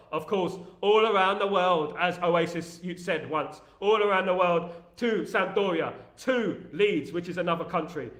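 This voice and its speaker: Excitable man, bright and echoey. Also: sits high. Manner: rambling, jokey, excitable banter. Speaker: host. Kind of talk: casual chat.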